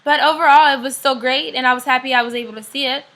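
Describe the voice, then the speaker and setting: A woman's voice: high-pitched, fairly even intonation, fast, bright, forceful tone. A young American woman chatting casually in a vlog, upbeat and rambling with frequent fillers. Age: young adult. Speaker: vlogger.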